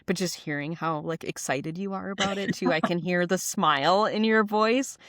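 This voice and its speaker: A woman's voice: fairly low pitch, moderate pace, fairly bright tone, no room sound, clean studio sound. A woman hosting a podcast in casual chat, affirming her guest often. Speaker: podcast host.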